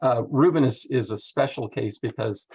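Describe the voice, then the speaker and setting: A man's voice: mid-range voice, normal speed, creaky, a little mellow, slightly rough. A man leading a Bible study, chatting through the text in a loose, thinking-aloud way with many fillers. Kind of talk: casual Bible teaching.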